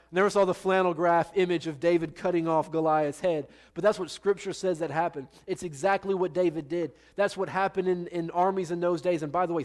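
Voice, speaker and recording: A man's voice: a little high, darkish tone. Man preaching in a folksy, conversational way. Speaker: pastor. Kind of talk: sermon.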